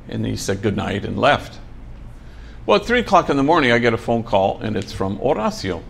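A priest who leads a program for former gang members speaks to trainees in the program's own building, giving an inspirational talk. He tells a story with folksy dry humor and bits of Spanish slang. His voice is fairly low, gravelly and fairly quick, with big pitch swings and slight background noise.

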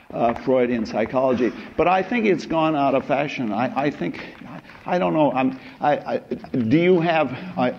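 A man's voice: mid-range voice, a little mellow. An older man giving an anecdotal university philosophy lecture, wry and rambling with chuckling asides. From United States. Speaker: philosophy professor. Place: lecture hall. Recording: dull lo-fi lecture recording with faint hiss.

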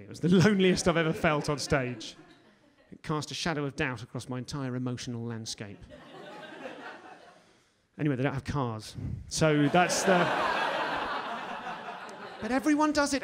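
A British man in his forties performing a stand-up comedy set, telling stories with sudden loud outbursts. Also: on the high side. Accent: British English. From England. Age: 40s. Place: comedy stage before a live audience.

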